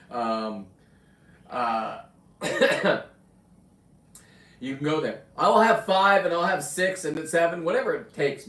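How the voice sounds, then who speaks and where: A man's voice: medium pitch, a bit bright. Rambling man live-streaming from afar. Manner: casual, chatty, rambling, with restarts and cussing asides. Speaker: livestream host, spearfisher and taxidermist. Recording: roomy room, mic at a distance.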